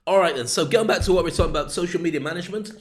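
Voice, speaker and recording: A man's voice: a little high, racing. A man hosting a live-streamed business talk, rambling with jokey, self-deprecating asides. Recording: roomy echo.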